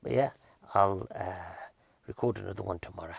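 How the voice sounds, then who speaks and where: Man, podcast host, gravelly low voice, jokey rambler, dull lo-fi sound. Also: fairly quick, no echo. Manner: rambling, jokey, deadpan asides. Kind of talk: casual solo podcast chat.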